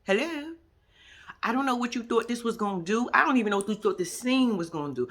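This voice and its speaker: A woman's voice: on the high side, animated, fast, a bit bright. A woman casually recapping a reality show, blunt and profane, laughing often and mimicking the people she talks about.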